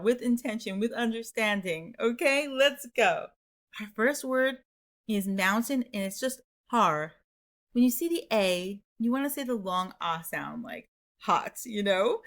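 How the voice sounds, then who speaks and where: A woman teaching a playful Hebrew vocabulary lesson, cheerful and giggly, spelling out each word slowly and carefully and making up silly memory tricks. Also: medium pitch, fairly bright tone. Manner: slow, careful pronunciation of words.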